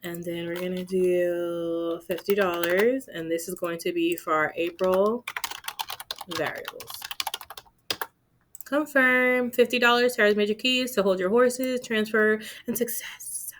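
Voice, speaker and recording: A woman's voice: medium pitch, fairly even intonation, unhurried, background noise. A woman talking casually to viewers while doing her budget, chatty and playful with asides to herself. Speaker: budgeting vlogger. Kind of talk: casual talk-through of budgeting.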